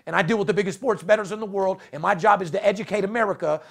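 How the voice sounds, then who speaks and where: Brash, gravelly high-voiced man. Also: racing, fairly bright tone. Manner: brash, profane, salesy. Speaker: podcast host. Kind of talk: crude casual podcast banter.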